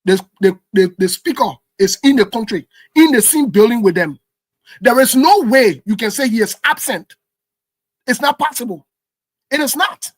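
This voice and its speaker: A man's voice: extremely high pitch, animated, moderate pace, dry recording. A man, arguing a constitutional point in a heated political debate and insisting on finishing his point. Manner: insistent, holds the floor with repeated no's. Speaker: political commentator.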